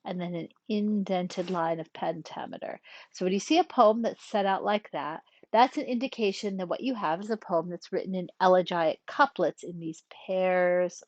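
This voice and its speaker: Slow, methodical woman teaching Latin. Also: lowish voice, dry recording. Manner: clear, methodical explanation, reads verse slowly. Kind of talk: recorded lecture.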